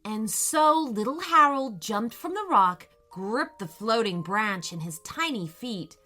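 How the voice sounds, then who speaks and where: A woman gently and expressively narrating a children's bedtime story. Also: fairly high pitch.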